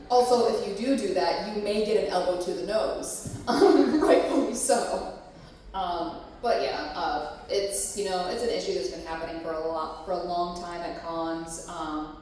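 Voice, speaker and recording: A woman's voice: lowish voice, a little slow, a little mellow, slight background noise. A woman presenting a convention panel in a casual, frank way, swearing now and then and filling her talk with "like, you know.". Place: convention panel room with live audience. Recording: echoey room, distant mic.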